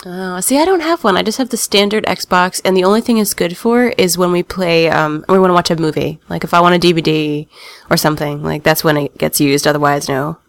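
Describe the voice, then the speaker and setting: A woman's voice: lowish voice, brisk, dry recording. A woman hosting a gaming podcast, reading the news of the week with wry asides and laughing often. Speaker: podcast host.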